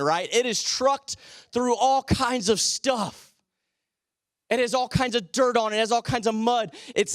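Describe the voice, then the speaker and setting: Male teaching pastor with a high voice, casual sermon delivery full of rhetorical questions, dry recording. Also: no echo. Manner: conversational, asks the congregation rhetorical questions.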